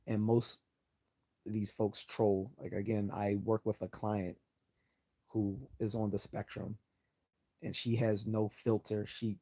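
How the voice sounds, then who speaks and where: A man with a low, dark voice, gone hoarse from losing it. He delivers blunt, sarcastic opinion commentary on a late-night livestream. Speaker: livestream host.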